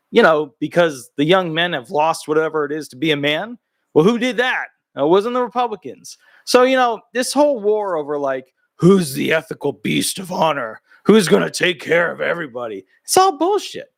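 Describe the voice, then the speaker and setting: A man's voice: fairly high pitch, fairly bright tone, dry recording, studio quality. A middle-aged man, a disability attorney, giving chatty, opinionated commentary in a casual video. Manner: chatty and opinionated, talks to his dog mid-video.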